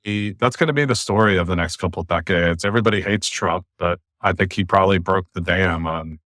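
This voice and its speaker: A man from the United States hosting a podcast, giving blunt, opinionated views in casual discussion, often with animated rants. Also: sits low, brisk, no room sound, studio quality. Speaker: podcast host.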